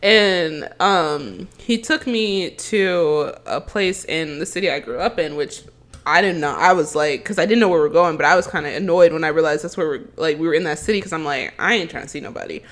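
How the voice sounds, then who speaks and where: A young woman's low-sitting voice moves at a moderate pace as she co-hosts a podcast and shares a dating story. She's animated and casual, voicing the quotes and laughing a lot.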